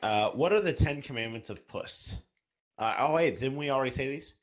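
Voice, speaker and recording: A man hosting a casual podcast and reading out listener questions. His pitch swings widely and his delivery is lively and animated. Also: moderate pace.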